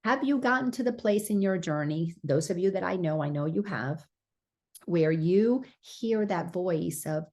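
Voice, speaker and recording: A woman with a low, husky voice talks through a spiritual lesson. She is earnest and encouraging, and sometimes restarts a phrase as she goes. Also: lively intonation, measured pace, a little mellow. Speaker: spiritual teacher.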